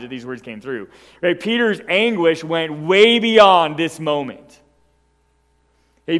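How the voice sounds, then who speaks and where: A man preaching a sermon as pastor, emphatic and animated, who keeps checking in with the congregation by asking "right?". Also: on the high side, big-room sound. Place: church sanctuary.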